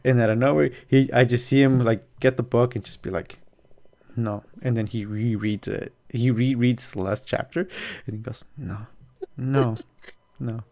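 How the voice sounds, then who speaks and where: Profane, animated man telling stories. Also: medium pitch, normal speed. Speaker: podcast host. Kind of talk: casual podcast chat.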